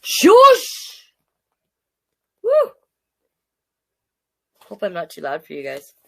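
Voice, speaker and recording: A playful storyteller in drag king persona chats with young viewers between books. She talks at an unhurried pace, her pitch bouncing lively between words as she greets each child in a friendly, casual way. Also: gravelly. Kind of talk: casual live-stream storytime.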